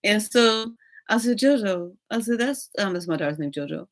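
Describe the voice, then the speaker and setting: A woman's voice: mid-range voice, animated, brisk. A woman hosting a tarot live stream, telling a rambling, profane story and laughing often.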